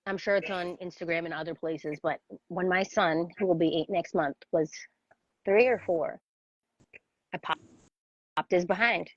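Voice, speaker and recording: A woman in her thirties, a parenting coach, talking casually as an interview guest and telling animated stories. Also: lowish voice, normal speed, long pauses, slightly rough, dry recording. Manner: animated storyteller, laughs often, acts out voices. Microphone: video call. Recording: dry, dull video-call audio.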